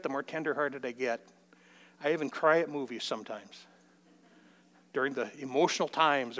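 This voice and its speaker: Older man telling a folksy story. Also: fairly bright tone. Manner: folksy, acts out the dialogue with rising pitch. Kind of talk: storytelling sermon.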